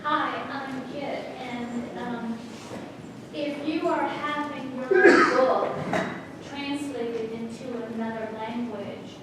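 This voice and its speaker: A woman in the audience asking a question from the floor, hesitant and unhurried. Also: on the high side, fairly even intonation. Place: meeting hall. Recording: distant, reverberant hall with loud noise.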